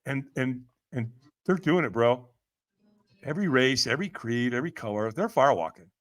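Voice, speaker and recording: A man's voice: medium pitch, normal speed, faint music behind. A man telling a story animatedly in casual speech, acting out the voices of others and laughing often. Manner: lively, acts out quoted voices, laughs often. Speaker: podcast guest, firewalk trainer.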